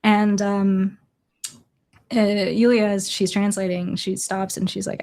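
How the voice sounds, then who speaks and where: A young adult woman from Chicago, a journalist guest, telling a story in an earnest, halting way with quoted dialogue. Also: medium pitch, little pitch movement, darkish tone, a little hiss or hum. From Chicago, USA. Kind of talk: storytelling in a conversational interview.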